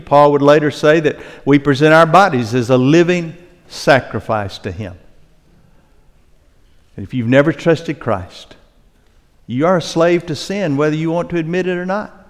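An older male pastor preaching a sermon earnestly, slowing down for emphasis and dropping softly into prayer. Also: a little high. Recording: long hall reverb.

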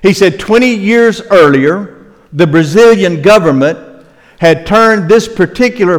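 Man, older, pastor, earnest sermon, long hall reverb, somewhat high pitch. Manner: earnest preaching, slowing for emphasis, dropping soft into prayer.

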